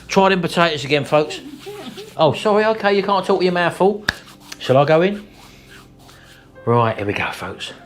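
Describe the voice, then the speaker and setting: Middle-aged man, home cooking vlog host, enthusiastic and folksy, higher-pitched, faint backing music. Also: a bit bright. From England. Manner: chatty, enthusiastic, keeps addressing viewers as folks. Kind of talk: casual cooking vlog chat. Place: home kitchen.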